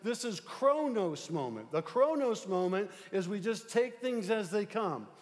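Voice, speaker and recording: A man's voice: high voice, very animated, unhurried. A male pastor delivering a conversational sermon, often adding fillers and checking in with the congregation. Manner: conversational preaching with frequent fillers and check-ins. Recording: long hall reverb.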